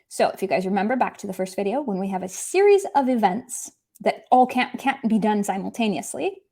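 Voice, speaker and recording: A woman with a somewhat high voice teaches an online language lesson. She switches between English and Russian phrases as she works through examples. Her delivery is lively and upbeat.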